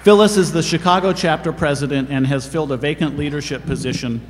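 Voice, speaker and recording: A man's voice: on the high side, quick pace, a faint crowd. A man presenting awards at a dinner, reading the citations in an earnest, formal manner. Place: large banquet hall. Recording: reverberant hall with background noise.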